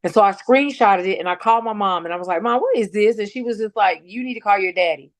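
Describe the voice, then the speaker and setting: In a dry recording, a middle-aged North Carolina woman talks fast at a medium pitch. She's a grieving mother giving a personal account on a podcast, forceful as she recounts confrontations and repeats what she said.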